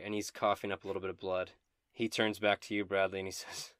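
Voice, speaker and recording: Brief: game master narrating, low voice, dry close sound. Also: male voice, flat delivery, brisk, fairly bright tone, no room sound.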